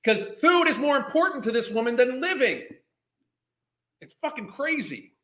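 A man's voice: extremely high pitch, big pitch swings, moderate pace, pushed and bright. A man hosting a reaction show, ranting at a clip with angry mockery and constant swearing. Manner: angry, mocking, heavy swearing. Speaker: commentary host. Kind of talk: profane ranting commentary. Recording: echoey room.

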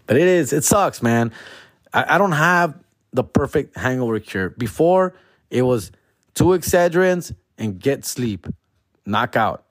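A young man telling a story in a casual, slangy monologue, now and then breaking into loud exaggerated whines. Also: fairly low pitch, no room sound, studio quality.

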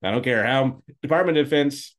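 A man in his forties, a play-by-play announcer co-hosting a sports podcast in casual, dry, self-mocking chat, quick to laugh. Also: mid-range voice.

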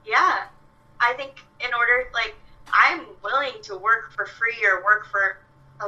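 Young woman coach chatting away, really bright voice, a bit far from the mic. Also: on the high side, measured pace, highs cut off. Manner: chatty, lots of fillers and quoted asides. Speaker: fitness coach. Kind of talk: casual podcast chat.

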